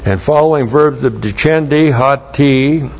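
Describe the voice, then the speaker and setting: A man gives an expository Bible lesson at a slow, deliberate pace, leaning hard on key words and repeating them. He spells out Greek terms letter by letter. The sound is dull and lo-fi, like an old sermon tape. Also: medium pitch, a little mellow, a little hiss or hum. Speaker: Bible teacher. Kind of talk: expository Bible teaching with Greek word study.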